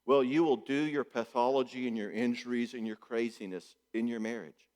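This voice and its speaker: A man's voice: medium pitch, fairly even intonation, moderate pace, darkish tone. A man gives a joking, conversational conference talk as a marriage therapist, often checking in with the audience. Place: church hall. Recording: echoey church hall.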